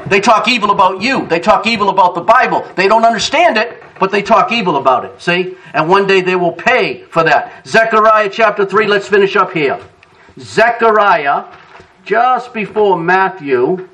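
A man's voice: high-pitched, moderate pace, far from the mic. A male pastor preaching a sermon, telling stories with laughter and acted-out quotes. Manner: animated storytelling preacher, laughs and acts out quotes.

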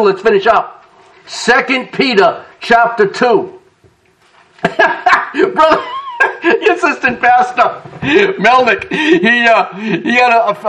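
A male pastor with a high-pitched voice preaches a sermon, recorded far from the mic. He's an animated storyteller who laughs and acts out quotes as he tells his stories.

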